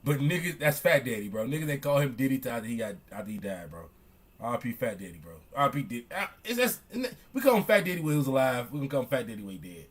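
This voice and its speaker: A young man, reacting on stream in loud, excitable, slangy commentary that keeps repeating itself. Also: mid-range voice, fast talker, slightly rough. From Chicago. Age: young adult.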